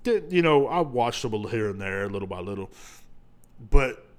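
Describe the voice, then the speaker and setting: A man's voice: on the low side, expressive, normal speed. A man hosting a solo podcast, talking in a profane, rambling, opinionated rant. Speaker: podcast host.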